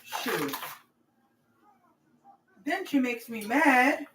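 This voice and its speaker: A woman's voice: high voice, big pitch swings, very slow, fairly bright tone, a little hiss or hum. A woman hosting a cooking vlog, rambling chattily and talking straight to her viewers from her home kitchen. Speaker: cooking channel host.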